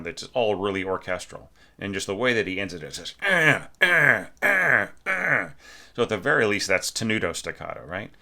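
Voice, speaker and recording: A man's voice: low-pitched, pushed and bright. A man teaching orchestration, giving casual spoken feedback on a student's score and singing phrases aloud to show how they should sound. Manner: chatty and emphatic, sings phrases aloud to demonstrate.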